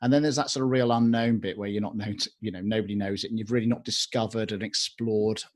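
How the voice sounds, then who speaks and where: A man's voice: fairly low pitch, fairly even intonation, quick pace. A man hosting a podcast and explaining an idea step by step. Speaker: podcast host. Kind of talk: podcast conversation.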